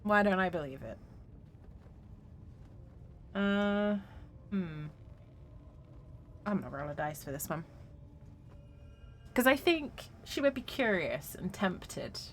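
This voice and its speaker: A woman's voice: lowish voice, animated, slow, long pauses, slight background noise. A woman streaming a video game, talking through her choices in a playful, giggly way. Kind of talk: casual gaming commentary.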